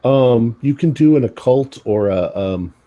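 A man running a tabletop horror game as game master, describing scenes in a halting way and repeating words. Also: mid-range voice, expressive, dark tone, dull audio, slight background noise.

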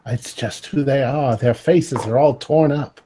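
A man's voice: medium pitch, measured pace, mellow, a little hiss or hum, pitched above the performer's own voice, lightly acted. A man voicing a frightened villager with a put-on Cockney accent in a tabletop game. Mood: uneasy. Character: frightened villager, gossiping about monsters.

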